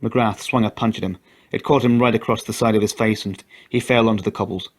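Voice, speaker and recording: A man narrating an audio story in a steady, measured way. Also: fairly low pitch. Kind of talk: scripted narration.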